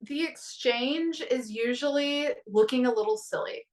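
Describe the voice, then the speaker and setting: With a high voice and a measured pace, this guest coach, a woman in her thirties, animatedly tells stories in a relaxed podcast chat, voicing her inner thoughts aloud. The recording is poor and picked up from a distance.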